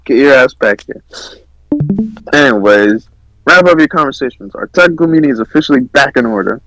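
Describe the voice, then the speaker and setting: Animated man calling a rowdy group to order. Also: medium pitch, a little fast, dry recording, faint music behind, low-quality recording. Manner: joking, rowdy, mock-official. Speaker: host of a group reading stream. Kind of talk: casual chat.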